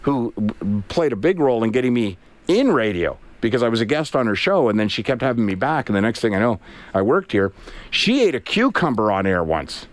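Talking from the studio through a headset and studio mic, a late-fifties afternoon radio host rambles through self-deprecating stories in casual on-air chat. His medium-pitched voice is brisk with big pitch swings, and there's no echo.

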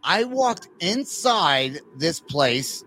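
A man's voice: on the high side, very slow, rough recording. A middle-aged man hosting a podcast, telling profane stories in a loose, laughing chat. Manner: profane, laughing, animated storyteller. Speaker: podcast host. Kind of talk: casual chat.

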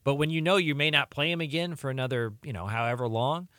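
A man co-hosts a casual sports talk show, his speech quick and loose with "like" and "you know" sprinkled everywhere. His voice is bright and forward, recorded dry and close. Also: mid-range voice, fairly even intonation, no room sound. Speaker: co-host.

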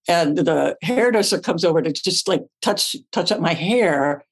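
Animated older woman telling a story. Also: on the low side, normal speed, hardly any pauses, slightly rough. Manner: animated, acts out her own quotes, laughs often. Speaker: actress guest. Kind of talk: casual anecdote telling.

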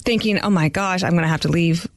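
A woman's voice: fairly low pitch, fast, dry recording. A middle-aged woman hosting a podcast, telling chatty anecdotes in a casual interview. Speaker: podcast host.

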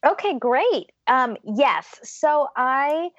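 A woman's voice: sits high, expressive, drawn-out words, dry recording. A young woman from Georgia, a podcast guest telling her childhood story in a reflective, chatty way with frequent laughs. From Georgia, USA. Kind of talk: casual interview storytelling. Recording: dull, dry lo-fi sound.

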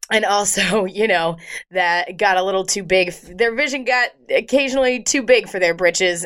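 A woman's voice: on the low side, fairly bright tone. Laughing, rambling woman podcast co-host. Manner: laughs often, swears casually, rambling asides. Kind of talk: casual podcast chat.

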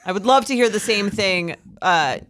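A woman co-hosts a podcast, chatting casually and enthusiastically. Her voice is medium-pitched, animated, and fairly bright in tone, at a moderate pace.

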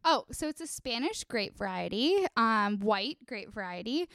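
Woman, young adult, bubbly, chatty, many ums, slightly high, dry mic. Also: big pitch swings, unhurried, fairly bright tone, smooth, no echo. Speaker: winemaker guest. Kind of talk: casual podcast chat.

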